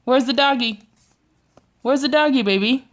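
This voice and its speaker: A woman's voice: high-pitched, normal speed. A young mother at home in her bedroom, talking to her toddler in coaxing, sing-song baby talk and often laughing. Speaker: vlogger mother.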